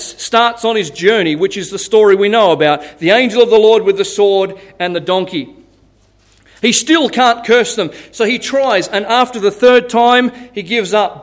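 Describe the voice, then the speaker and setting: A man preaching a sermon as pastor, telling Bible stories in a lively way and laughing at his own tales. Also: sits high.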